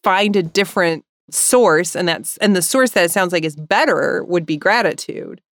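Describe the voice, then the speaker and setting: A woman's voice: lowish voice, normal speed, fairly bright tone, no echo, clean studio sound. A woman co-hosting a podcast in casual, heartfelt chat, rambling and emotional, laughing often and tearful. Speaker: podcast co-host.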